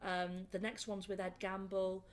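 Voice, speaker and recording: A young woman with a Northern English accent, a comedian chatting in a casual interview and telling animated, laughing stories. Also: mid-range voice, a little slow, a little hiss or hum. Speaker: comedian guest. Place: indoor room.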